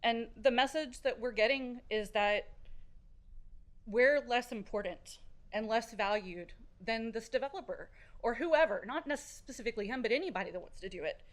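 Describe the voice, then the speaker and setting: A middle-aged woman giving an earnest, halting public comment at a city council meeting, speaking into a podium microphone. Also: fairly high pitch.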